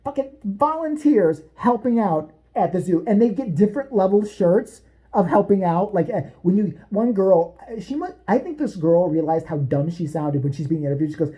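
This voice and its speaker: A woman's voice: medium pitch, moderate pace. A woman vlogger delivering a profane, sarcastic comedic rant, jumping from topic to topic. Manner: foul-mouthed, animated, sarcastic, jumps between topics.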